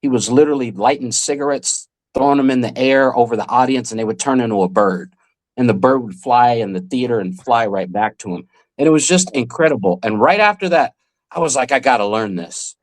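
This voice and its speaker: A man, a magician, telling a lively story in a podcast interview and acting out the people he quotes. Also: medium pitch, a little fast. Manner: animated storyteller who acts out the people he quotes. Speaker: magician guest.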